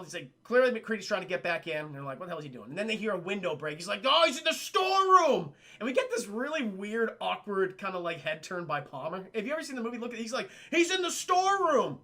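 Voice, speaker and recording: High, gravelly man ranting to chat. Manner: animated, acts out characters' lines in quick changes of voice; swears a lot and keeps addressing the chat. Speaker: streamer reviewing a film with live chat. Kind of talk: casual, profane scene-by-scene film recap.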